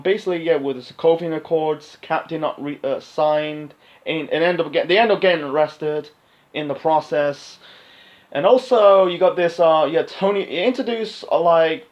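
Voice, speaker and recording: Man, channel film reviewer, casual rambling talk, frequent fillers, slightly high voice, muffled lo-fi sound. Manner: rambling, many fillers and restarts. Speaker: movie reviewer. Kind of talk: casual unscripted review monologue.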